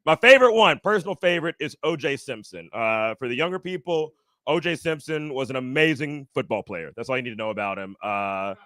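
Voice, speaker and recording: A man doing a stand-up comedy set on stage, animated and acting out other people's voices. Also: fairly quick, dry recording. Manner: animated, acts out other people's voices with big jumps in pitch. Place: comedy stage before a live audience.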